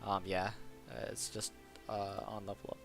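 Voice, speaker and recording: A man's voice: lowish voice, flat delivery, moderate pace, gravelly, over music. A man talking through his game character with lots of hesitations and fillers. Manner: hesitant, filler-heavy musing. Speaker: tabletop game player. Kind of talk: casual chat between players.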